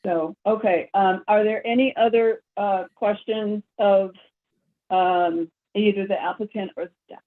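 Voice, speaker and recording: A woman chairing a city planning commission meeting, speaking haltingly with restarts. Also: mid-range voice, steady tone. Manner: halting, many restarts and fillers. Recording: tinny phone-like line.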